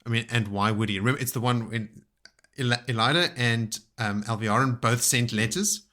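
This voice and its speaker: A man's voice: medium pitch, moderate pace, pushed and bright. A man co-hosting a casual book discussion podcast, chatty and quoting passages with animation. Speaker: podcast co-host.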